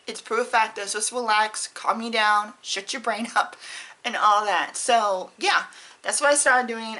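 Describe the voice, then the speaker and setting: Bright-voiced woman chatting candidly. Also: a little high, poor audio. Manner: rambling, candid and personal. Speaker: beauty vlogger. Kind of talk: casual chat to camera.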